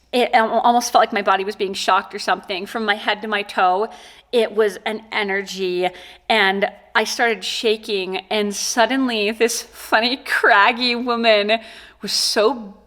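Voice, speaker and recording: A woman with a somewhat high voice chats through an unboxing. She is bubbly and giggly and rambles with lots of filler words. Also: fairly bright tone. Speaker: corset maker and vlogger. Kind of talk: casual unboxing chat.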